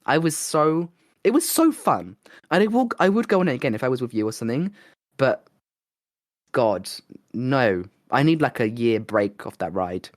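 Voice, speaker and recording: Excitable rambling man, dry close mic. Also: mid-range voice, moderate pace, no room sound. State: slightly hoarse with a cold. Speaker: podcast co-host. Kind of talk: casual chat.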